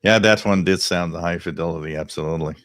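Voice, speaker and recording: A man's voice: sits low, fast talker, fairly bright tone, no room sound, studio quality. A middle-aged French Canadian man, French his first language, hosting a live radio hobby stream in casual, rambling chat with many fillers. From Quebec, Canada. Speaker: host.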